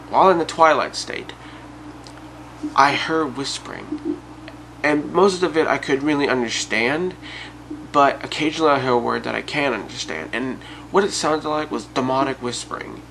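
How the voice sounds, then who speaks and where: A man's voice: mid-range voice, unhurried, vocal fry, long pauses, sharp tone, slight background noise, rough recording. A man telling a personal story and talking casually and directly to his viewers. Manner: chatty, addresses viewers directly. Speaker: YouTube storyteller.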